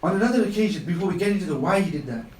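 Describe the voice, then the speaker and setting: High-voiced man giving an impassioned radio talk. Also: lively intonation, racing, a little mellow, echoey room, distant mic, rough recording. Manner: impassioned storytelling with emphatic repetition. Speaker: Islamic speaker on a radio show. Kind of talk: live radio religious talk.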